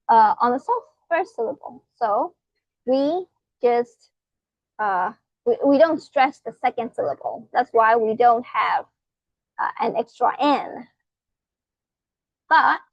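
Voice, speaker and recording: Woman teacher going slow, spells stuff out letter by letter, kinda dull lo-fi mic. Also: high voice, no room sound. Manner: patient, spells out letters, asks rhetorical questions. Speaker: English teacher. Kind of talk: slow explanatory grammar lesson.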